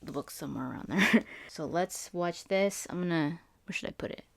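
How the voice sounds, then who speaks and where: A woman with a fairly low voice talks through a game trailer in a casual, excitable ramble. She restarts her sentences often as her thoughts run ahead of her. The sound is dry and close, with little room around it. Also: moderate pace, dry recording. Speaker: gaming YouTuber doing Let's Plays.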